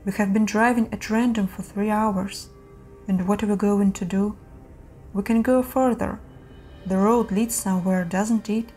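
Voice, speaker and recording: A weary, short-tempered husband , as a woman narrator reads him. His lines come out curt and irritated. The voice is mellow, with faint music in the background. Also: mid-range voice, steady tone, measured pace, lightly acted. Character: adult man, tired irritable husband.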